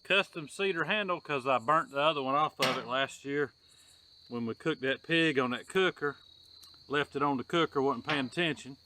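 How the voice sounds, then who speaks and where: A man's voice: medium pitch, moderate pace, pushed and bright, slight background noise. A man hosting a casual outdoor cooking vlog, talking in a folksy, drawling way and saying y'all a lot. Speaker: homestead vlogger. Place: outdoors on a rural homestead.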